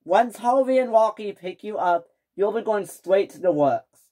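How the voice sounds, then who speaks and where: A woman's voice: medium pitch, animated, moderate pace, warm tone, lightly acted. A woman voicing a strict middle-aged male railway controller in a toy train story, scolding in firm, clipped orders. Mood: stern.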